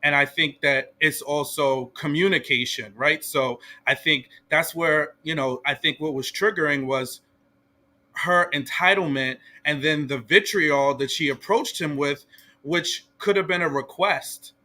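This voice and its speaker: A man as a guest in a casual podcast discussion, talking in a measured, reasoned way and often checking with "right?". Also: fairly high pitch, sharp tone. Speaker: guest panelist.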